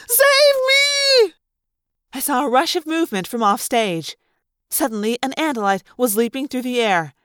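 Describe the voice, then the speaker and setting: Woman reading an audiobook, lively up-and-down voice, a bit high, dry close mic. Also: no echo. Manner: animated, dramatic reading. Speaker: audiobook reader. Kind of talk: first-person audiobook narration.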